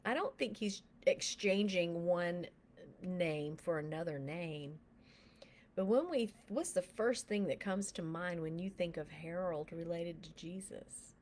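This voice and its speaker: Woman doing a slow, whispery prayer, lowish voice, little hiss behind. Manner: soft, slow and often whispered while guiding prayer; gets emotional and animated while telling the story. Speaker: minister. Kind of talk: guided prayer and testimony.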